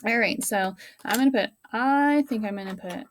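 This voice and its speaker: A woman teacher modeling a writing lesson for young children, talking slowly and sounding out words and counting aloud. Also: on the high side, a little hiss or hum.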